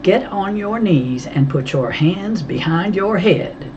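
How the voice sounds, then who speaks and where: A woman's voice: fairly low pitch, lively intonation, slow, a little mellow, highs cut off, slight background noise, pitched above the performer's own voice. A woman voicing a stern military man in an audiobook, giving clipped, firm commands. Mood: commanding. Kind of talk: audiobook character voice.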